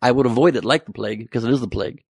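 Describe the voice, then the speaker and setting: A man's voice: medium pitch, rapid-fire, gravelly, darkish tone, slightly rough, no room sound, clean studio sound. A man delivering an exasperated, sarcastic comedic rant.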